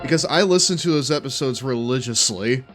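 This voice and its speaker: A man's voice: mid-range voice, fairly quick, over music. Rambling young man streaming a game. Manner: rambling, laughing, lots of fillers. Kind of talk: casual chat while gaming.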